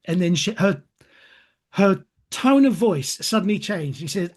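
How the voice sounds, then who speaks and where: A middle-aged actor from England has a high, expressive, slightly mellow voice and a moderate pace. In casual interview answers he tells stories chattily, performing other people's voices along the way.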